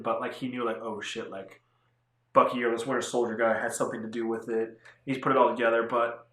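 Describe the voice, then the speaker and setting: Chatty young guy, bright voice, echoey room. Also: mid-range voice. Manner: rambling, filler-heavy, swearing. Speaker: movie vlogger. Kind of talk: casual spoiler review.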